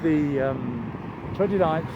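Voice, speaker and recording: A man's voice: on the high side, slow pace. Rambling older man on an outdoor walk. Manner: chatty, meandering, easily excited. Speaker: vlogger. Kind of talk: rambling walking vlog. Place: outdoors near a railway. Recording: dull lo-fi outdoor recording with traffic noise.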